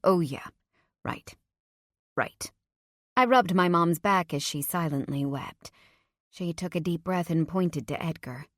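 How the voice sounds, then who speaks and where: A woman's voice: fairly low pitch, normal speed, fairly bright tone, dry recording, clean studio sound. A woman reading a first-person romance audiobook, giving the characters' dialogue emotion. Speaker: audiobook narrator.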